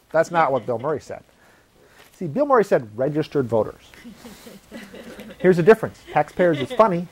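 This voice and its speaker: A man hosts his own show, rambling casually and poking fun at himself. His pitch swings a lot as he acts out quoted lines. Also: darkish tone. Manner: self-deprecating, rambling, laughs at himself. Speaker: host.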